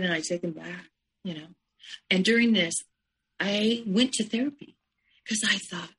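A woman guest in an interview recounting her own story in a halting, emotional way, with restarts and frequent asides. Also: medium pitch, a bit bright, breathy edge, rough recording. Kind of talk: personal storytelling in conversation.

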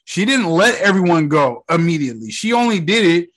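A young man casually recapping a movie, swearing freely and retelling the scenes with excitement. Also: sits high, fairly quick. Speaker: movie reviewer.

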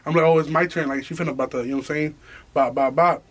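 A man's voice: on the high side, steady tone, racing. A young man hosting a podcast, telling a story in a profane, slangy, laughing way. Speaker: podcast host. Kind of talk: casual storytelling chat.

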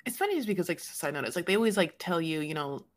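A woman's voice: on the low side, sing-song, quick pace. A woman co-hosting a podcast in casual chat, rambling with many fillers and playfully mimicking people. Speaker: podcast co-host.

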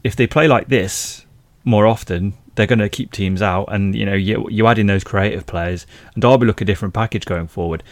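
A man's voice: on the low side, fairly quick, no echo. A man chatting casually as a football pundit on a podcast, talking conversationally with frequent fillers and restarts.

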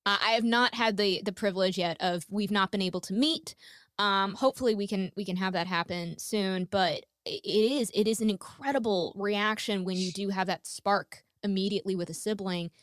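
A woman hosting a podcast in casual conversation, animated and blunt, swearing freely as she talks. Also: mid-range voice, moderate pace, dry recording, studio quality. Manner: animated, swears freely, jumps between thoughts. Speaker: podcast host.

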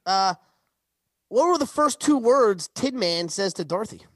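A man's voice: high voice, lively intonation, unhurried, no echo, clean studio sound. A man chatting on a trivia podcast as co-host and contestant, eager and enthusiastic, stumbling over his words. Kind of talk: casual podcast chat.

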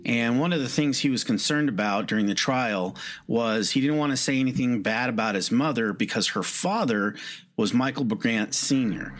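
A man's voice: mid-range voice, moderate pace. A man hosting a podcast, narrating casually with frequent hesitant fillers. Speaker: podcast host.

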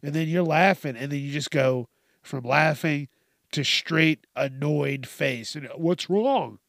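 A man with a gravelly voice rants on his own podcast, swearing often and acting out the lines of the people he complains about. He talks at an unhurried pace, slightly higher-pitched than most men. The recording is dry, with no room echo. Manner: profane, animated ranting with acted-out quotes. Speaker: podcast host. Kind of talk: casual solo rant.

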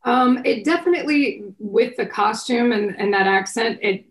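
A middle-aged actress from Texas, appearing as an interview guest, chats casually in a fairly high voice at a moderate pace. She rambles, with many restarts and fillers.

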